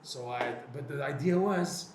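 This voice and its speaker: A man teaching a Torah class, telling a personal story and acting out his own prayers and dialogues in an animated way. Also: medium pitch, measured pace. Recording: echoey room with faint noise.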